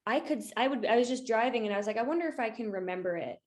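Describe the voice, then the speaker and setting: A woman's voice: on the high side, lively intonation, racing. A young adult woman, an actor, interviewing her coach in an enthusiastic, casual way with many fillers, over a video call.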